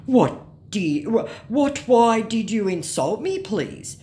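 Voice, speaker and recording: A woman's voice: fairly high pitch, big pitch swings, warm tone, voice pushed up. A woman putting on a pleading scammer man in broken English. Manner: pleading, halting broken phrasing. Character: pushy male online scammer, broken English.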